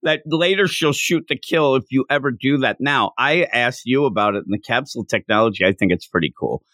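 A man's voice: medium pitch, a little fast, no echo. A man co-hosting a podcast, chatting casually and acting out quotes with laughter. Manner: animated, laughing, acts out quotes in voices. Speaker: podcast co-host. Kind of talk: casual chat.

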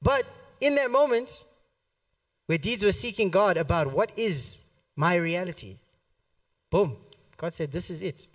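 A man's voice: high-pitched, a little slow, pauses often, no echo, far from the mic. A man preaching a sermon at a church service, telling a story and acting out the quotes with plenty of laughter. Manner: animated, acts out quotes, laughs often.

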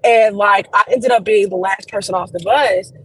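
Young woman on a podcast, loud lively storytelling, lots of slang and cussing. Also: mid-range voice, moderate pace, breathy edge, rough recording. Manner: animated, profane, slangy storytelling. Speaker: podcast guest. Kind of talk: casual storytelling chat.

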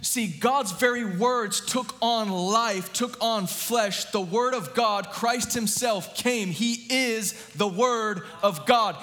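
A man preaching a sermon, fervent and calling out to his congregation, at times rising to shouting. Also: sits high, slow, few pauses, soft background music. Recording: long hall reverb.

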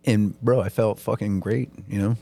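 A man with a fairly low voice trades loose, profane banter in a relaxed chat. The recording is dry and close-miked, with no room sound. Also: moderate pace, gravelly, dry recording. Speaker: tattoo artist and podcast co-host. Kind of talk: casual chat.

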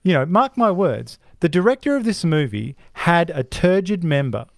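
A man's voice: fairly high pitch, big pitch swings, moderate pace, gravelly, no echo. Ranting man, dry close sound. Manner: ranting, many restarts and asides. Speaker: podcast co-host. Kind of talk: opinionated casual chat.

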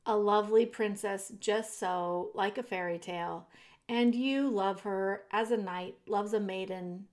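A woman voicing a courteous, hushed mouse executioner. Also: medium pitch, measured pace, natural voice. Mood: gentle, solemn. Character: polite, solemn male mouse executioner.

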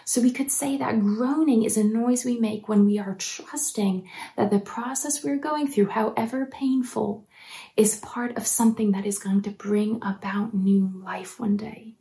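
A woman preaching a sermon in an earnest, encouraging way, at times dropping to a soft near-whisper. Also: a little high, fairly even intonation, measured pace.

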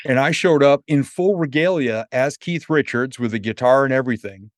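An animated middle-aged man spinning a personal story as a podcast guest, slipping into quick voices for the people he quotes. His voice sits at an ordinary male pitch, and the recording is dry with no room sound. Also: no echo. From New Hampshire. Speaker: motivational speaker and coach.

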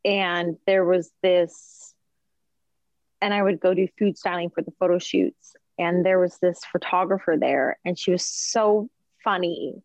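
A woman, a chef and food journalist, chatting as a podcast guest and telling animated stories with plenty of "like" and "um". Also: on the low side, unhurried, no room sound, lo-fi sound. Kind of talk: casual storytelling chat.

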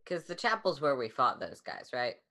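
A woman with a strikingly deep voice plays a tabletop game with friends. Her tone is bright and forward, and she states what her character does in a plain, matter-of-fact way. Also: big pitch swings, normal speed. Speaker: player. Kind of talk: casual tabletop game talk.

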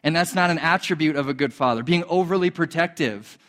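Pastor guy preaching, lively, slips into little acted-out voices, echoey church hall. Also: brisk. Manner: animated, acts out quoted voices in a higher pitch. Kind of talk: sermon.

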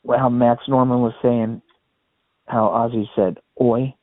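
A man in relaxed podcast conversation, telling studio stories at an easy pace and dropping into little quoted voices now and then. His voice comes through a narrow, phone-like band with no room sound at all. The pitch sits in an ordinary middle range. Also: a little slow, no room sound. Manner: relaxed storyteller, quotes others in small put-on voices. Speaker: podcast co-host. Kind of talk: casual chat about a rock album. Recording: dry, thin phone-like sound.

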